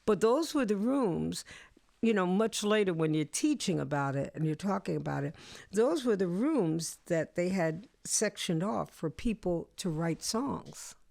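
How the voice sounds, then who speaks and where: A middle-aged woman musician, a guest in an interview, telling animated stories from her career and acting out the people in them. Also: lowish voice, unhurried, vocal fry, dry recording. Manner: animated storyteller, acts out voices. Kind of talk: storytelling interview chat.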